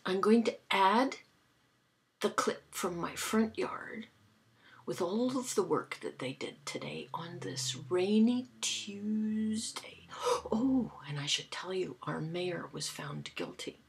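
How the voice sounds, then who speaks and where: A woman, casually telling stories to her camera in a dry, amused way, with soft breathy asides. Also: medium pitch, very animated, takes it slowly, slight background noise. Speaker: vlogger. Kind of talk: casual chatty storytelling to camera.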